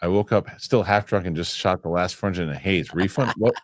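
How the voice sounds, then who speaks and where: A man's voice: low voice, a little fast, dry recording, studio quality. A man hosting a live show and reading viewer comments aloud. He rambles, corrects himself and gets worked up over his pet peeves. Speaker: show host.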